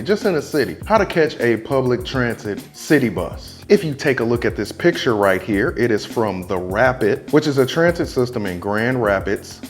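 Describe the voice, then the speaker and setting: A man who works as a bus driver, talking through video clips in a casual commentary vlog and giving earnest, repetitive safety advice. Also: medium pitch. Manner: earnest, advice-giving, repeats points for emphasis.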